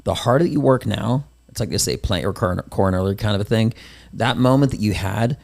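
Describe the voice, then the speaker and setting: Low gravelly male podcast host. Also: expressive, brisk, darkish tone. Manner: rambling, with filler and restarts, motivational. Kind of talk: casual conversational interview.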